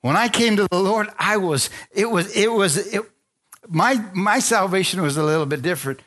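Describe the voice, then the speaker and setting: Preaching his testimony, a middle-aged man speaks in a high-pitched, animated, fairly bright voice at a normal speed. He tells his personal story by acting out what people said and draws amens from the crowd.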